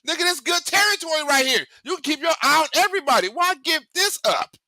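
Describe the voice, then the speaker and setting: A male host giving rambling, profane political commentary in an animated way, cursing heavily. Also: very high-pitched, fast, no room sound.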